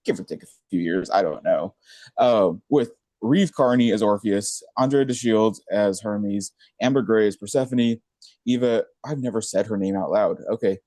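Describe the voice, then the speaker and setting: A young man co-hosting a podcast, chatting excitedly with lots of filler words. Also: lowish voice, normal speed, no echo. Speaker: podcast co-host. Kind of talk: casual chat.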